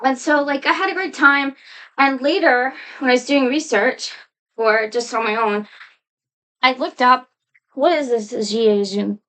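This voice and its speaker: A woman with a high, light voice chatting to camera in a loose storytelling monologue. She rambles, restarts her sentences and wanders into asides as she goes. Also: measured pace, pushed and bright, rough recording. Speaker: vlogger.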